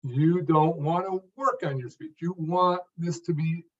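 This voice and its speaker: A man's voice: a little high, a little slow, recorded from a distance, highs cut off. An older man explaining how he learned to speak, talking in distinct phrases and stressing a word near the end of each. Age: 50s or older. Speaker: stuttering coach and guest. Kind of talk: interview answer, explaining his method.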